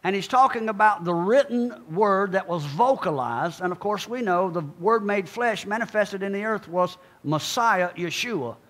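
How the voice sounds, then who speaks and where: A man preaching a sermon, speaking emphatically and calling out to his congregation, then dropping low and quiet for asides. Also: expressive, moderate pace, few pauses.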